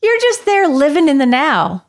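A woman's voice: high-pitched, sing-song, normal speed. A woman co-hosting a podcast, chatting casually and playfully, encouraging the guest. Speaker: podcast co-host.

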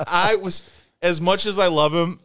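A man's voice: high-pitched, unhurried, noisy background. A man co-hosting a podcast, telling a story in a casual chat, acting out quotes with pained yelps and laughing often. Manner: animated, acts out quotes with loud pained yelps. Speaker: podcast co-host.

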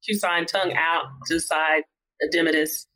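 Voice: medium pitch, normal speed, low-quality recording. A surgeon and author, a guest on a casual interview, telling hospital stories and acting out the quoted lines. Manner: animated, acts out quoted dialogue in the telling.

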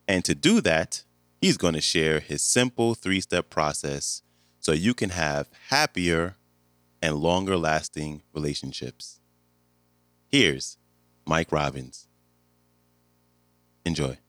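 A male host opens the show and introduces the next speaker. His voice sits very low and he takes his time with each phrase. The sound is dry and close. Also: lively intonation, takes it slowly, pauses often, fairly bright tone, no room sound.

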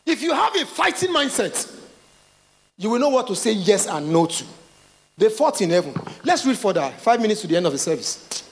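Nigerian man, middle-aged pastor, very high voice, lively swooping delivery, preaching. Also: moderate pace, vocal fry. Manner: animated preaching, acts out quoted voices, laughs, calls out. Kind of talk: sermon.

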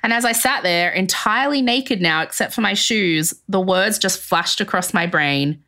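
A woman's voice: medium pitch, normal speed, bright, forceful tone. A woman hosting a podcast who reads a personal essay aloud, breaks into chatty asides, laughs often and acts out other people's voices. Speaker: podcast host.

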